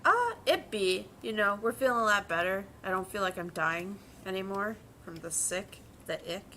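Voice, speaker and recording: A young woman chats on stream while she draws, spinning loose, profane stories about her job. Her voice comes through bright and forceful at a desk mic, with a faint hiss underneath. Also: medium pitch, fairly even intonation, moderate pace. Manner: chatty, profane, storytelling with quoted voices. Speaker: vtuber streamer and bank teller. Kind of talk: casual chat while drawing.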